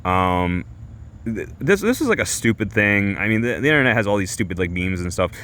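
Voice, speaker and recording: A man streamer telling a rambling comic story, halting and full of fillers and restarts. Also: fairly low pitch, sing-song, fairly bright tone. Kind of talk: rambling comedic monologue.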